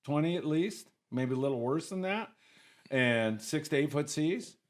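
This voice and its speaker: A man telling stories as a podcast guest in a casual, animated way. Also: fairly high pitch, normal speed. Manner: animated, acts out quoted voices, chuckles often. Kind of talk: casual storytelling.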